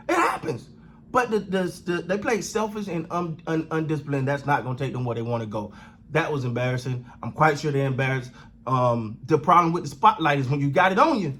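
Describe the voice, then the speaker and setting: Husky guy, high voice, ranting about football, says everything twice, slangy. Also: expressive, fast, fairly bright tone. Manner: emphatic, repeats phrases, casual and slangy. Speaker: sports commentary host. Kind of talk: animated sports reaction rant.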